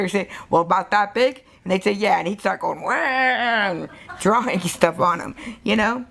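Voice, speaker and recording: An older American woman with a low, gravelly voice tells her stories as a tattoo artist in an interview. She is animated, breaks into laughter often, and acts out the people she quotes. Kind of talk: storytelling interview.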